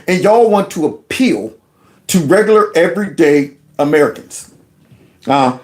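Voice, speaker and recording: High-pitched emphatic male commentator. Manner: emphatic, rhetorical questions, colloquial. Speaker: commentary channel host. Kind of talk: opinionated commentary over clips.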